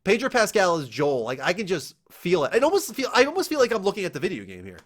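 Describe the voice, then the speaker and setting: A young man hosting a casual entertainment news show, talking in an excitable, animated way with quick asides. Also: sits high. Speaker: show host.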